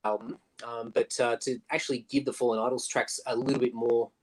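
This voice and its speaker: A man's voice: mid-range voice, little pitch movement, brisk, poor audio. A man, a band member, chatting casually in an interview over a video call, with many fillers and restarts. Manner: chatty, lots of fillers and restarts, mimics bandmate. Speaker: musician guest.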